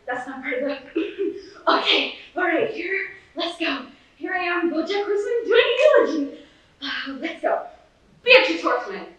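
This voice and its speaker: A woman's voice: on the high side, sharp tone, lo-fi sound. A teenage girl performing a bitter, washed-up male horse sitcom star in a sardonic, rambling eulogy monologue, recorded from far off in an echoey hall. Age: late teens. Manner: sardonic, rambling, self-pitying. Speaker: student competitor. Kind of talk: competitive dramatic monologue.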